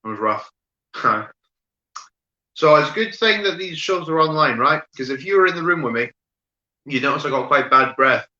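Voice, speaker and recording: A man delivers deadpan one-liners in a stand-up set, his voice very bright and forward. He keeps checking in with the audience and fills gaps with ums. The sound is dull and lo-fi, with a roomy echo from a home room. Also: on the high side, moderate pace, pauses often. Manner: deadpan delivery with frequent "right?" asides and fillers. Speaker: stand-up comedian. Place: home room, streamed online show.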